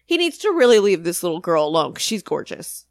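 A woman's voice: lowish voice, big pitch swings, fairly quick, dry recording, clean studio sound. A woman co-hosting a podcast, recapping a sitcom episode in casual, emphatic chat. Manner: chatty, emphatic, swears casually. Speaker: podcast co-host.

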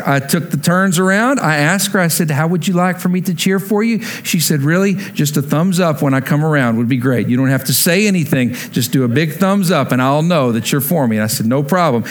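A man in his forties, a pastor preaching a sermon, telling a personal story with animated quoted lines and dropping soft for reflection. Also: on the high side.

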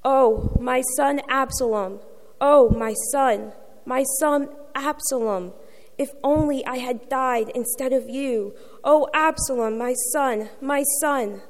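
A woman's voice: high-pitched, slow, long reverb tail. A woman reading as a grieving old king. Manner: anguished, crying out. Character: grieving old king, father mourning his son.

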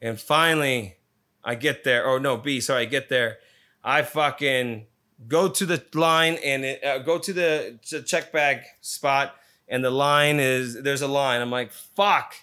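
Swearing, animated man telling a story. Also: medium pitch, unhurried. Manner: swears constantly, animated retelling. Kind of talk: casual profane storytelling.

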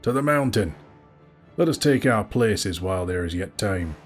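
A man voicing a male warrior leader who shouts commands to his troops in a put-on accent, in an audiobook reading. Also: low voice, steady tone, unhurried, faint music behind. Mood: commanding. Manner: loud commanding calls, accent attempt.

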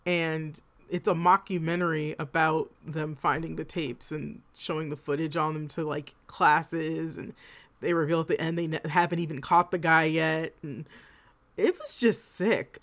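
A woman co-hosting a podcast, chatting casually about films, swearing and laughing mid-sentence. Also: sits low. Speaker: podcast co-host. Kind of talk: casual chat.

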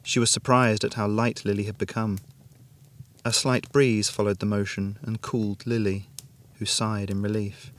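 A man reading a fantasy story aloud as narrator, in a steady, measured way. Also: on the low side. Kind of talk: scripted narration.

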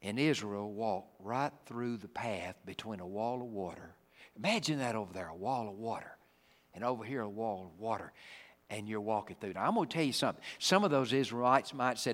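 A man preaching a sermon. He acts out the people in the story and swings between booming lines and hushed ones. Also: expressive, fairly quick, long reverb tail. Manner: dramatic, acts out the Bible figures, swings from loud to hushed.

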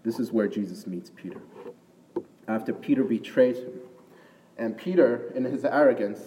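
A man preaching a sermon in a conversational way, often checking in with the audience with a quick "right?". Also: lowish voice, dark tone, a little hiss or hum. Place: church hall with an audience. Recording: distant mic in a reverberant hall.

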